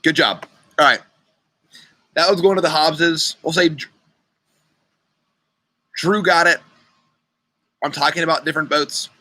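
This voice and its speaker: This young man's voice sits on the high side, pushed and bright, as he leads an online youth group's riddle game over video call. He's chatty and playful, naming the kids, yet speaks a little slowly with long pauses, and the computer-mic audio is dry and poor.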